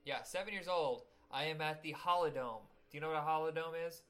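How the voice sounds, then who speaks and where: Podcast host guy, kinda high voice, crude jokes, rambly. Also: brisk, fairly bright tone, soft background music. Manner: jokey, rambling, crude humor. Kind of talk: casual chat.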